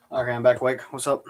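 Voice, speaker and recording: A man's voice: medium pitch, background noise. A man chatting casually on a live stream, answering viewer questions and telling rambling, sarcastic stories.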